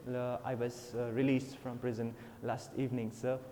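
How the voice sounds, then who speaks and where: Man doing a soft-spoken humble Afghan peddler. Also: mid-range voice, level tone, moderate pace, a little hiss or hum, voice pushed down, lightly acted. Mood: humble pleading. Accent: Indian English. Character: humble older Afghan fruit seller, gentle. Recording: long reverb.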